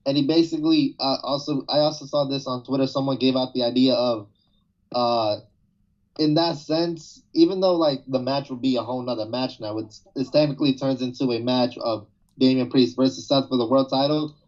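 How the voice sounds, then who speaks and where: A man in casual podcast chat, explaining things deliberately. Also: medium pitch, fairly even intonation, a little mellow. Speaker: podcast guest. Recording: dull lo-fi.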